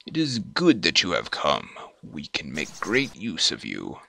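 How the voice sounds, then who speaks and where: A man voicing a weary old druid, speaking slowly and solemnly in a put-on accent, sinking to hushed whispers. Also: rumbling low, wildly swooping pitch, vocal fry, husky, pitched below the performer's own voice, heavily acted. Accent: put-on foreign accent, not his own. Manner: slow, solemn delivery with hushed, whispered drops.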